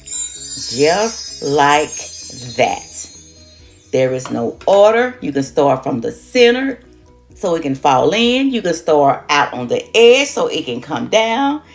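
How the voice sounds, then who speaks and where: An older woman hosts a home cooking demonstration, exuberant and folksy, talking straight to her viewers. Her voice swoops up and down freely, with gravel in the low notes. She speaks in an unhurried way. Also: big pitch swings, faint music behind. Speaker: cooking show host.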